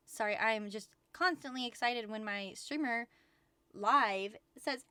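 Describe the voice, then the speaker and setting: A woman VTuber chatting casually on a livestream, rambling excitedly and swearing often. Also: mid-range voice, normal speed, no echo. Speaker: VTuber streamer.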